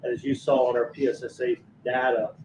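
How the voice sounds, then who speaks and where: A man at a meeting with a flat, mellow delivery. He is heard from a distance in an echoey room through a dull mic. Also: medium pitch, brisk, slight background noise. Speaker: meeting participant. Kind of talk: meeting discussion.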